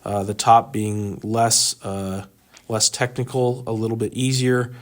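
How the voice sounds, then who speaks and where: A man with a fairly low voice leads a men's Bible study, walking through grammar points in an informal, explanatory way. He pauses often with ums and uhs as he works through a worksheet in a meeting room. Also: little pitch movement.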